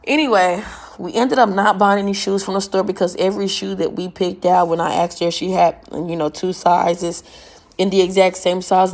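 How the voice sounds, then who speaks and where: A woman vlogger telling a story in a loud, carrying voice, blunt and full of profanity. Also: lowish voice, steady tone, normal speed. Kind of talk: casual storytelling rant.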